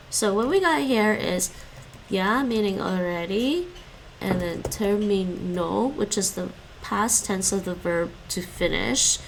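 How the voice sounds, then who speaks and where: Woman streamer explaining grammar casually, slow delivery, some vocal fry, light background hiss. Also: mid-range voice, poor audio. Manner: thinks aloud, self-correcting, explaining grammar. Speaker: live streamer studying languages. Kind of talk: casual live-stream language study.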